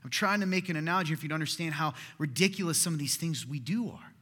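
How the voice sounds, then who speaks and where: A man in his thirties preaches to his congregation, chatty and direct, often checking in with the room. His voice sits a little high and sounds bright and edged. A long reverb trails each phrase through the hall. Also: quick pace. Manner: conversational, keeps asking "right?". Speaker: pastor. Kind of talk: sermon. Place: church hall. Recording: echoey hall.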